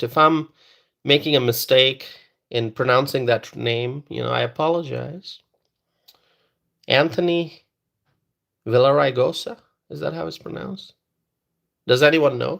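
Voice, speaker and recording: Gravelly man hosting a live political stream. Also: on the high side, a bit bright. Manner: talks straight to live chat viewers, repeats phrases for emphasis. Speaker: political livestream host.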